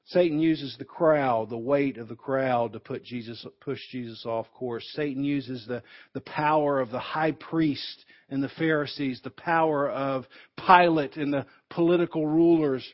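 A man's voice: medium pitch, a little slow. A man preaching a sermon in an emphatic way, building to fervent peaks, heard on a dull, lo-fi recording.

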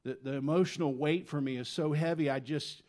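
A man's voice: fairly high pitch, a little fast. Earnest male pastor preaching with swings. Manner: earnest, swings from quiet to loud when voicing prayers. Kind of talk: sermon. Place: church.

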